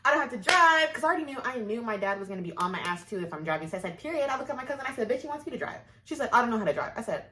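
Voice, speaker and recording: A woman's voice: on the high side, racing, few pauses, slight background noise. A woman vlogger telling a story casually, swearing freely and acting out each quote. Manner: animated, profane, acts out every quote. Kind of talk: storytime vlog.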